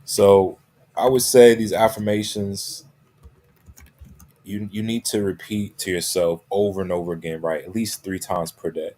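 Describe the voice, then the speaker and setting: A man's voice: low voice, fairly even intonation, unhurried, warm tone. A man giving a motivational talk as a coach. He stresses his key phrases and keeps checking in with "right?" and "okay?". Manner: emphatic, repeats key phrases.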